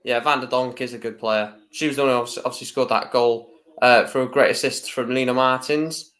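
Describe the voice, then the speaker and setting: A man's voice: medium pitch, fairly quick. A man appearing as a guest on a live football stream, chatting casually and hesitating as he searches for words. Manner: relaxed, chatty, hesitant with fillers. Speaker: guest co-commentator.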